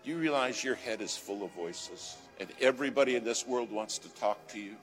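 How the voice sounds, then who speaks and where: A man giving a sermon as a guest speaker, telling a dramatic story, swinging from loud urging to a hushed whisper. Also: medium pitch, moderate pace. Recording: long hall reverb with faint music.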